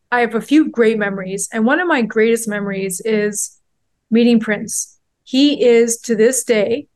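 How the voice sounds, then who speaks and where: A woman's voice: a little high, a little mellow. Chatty woman guest telling a story. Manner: heartfelt, rambling, many fillers and restarts. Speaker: podcast guest. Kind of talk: candid interview storytelling.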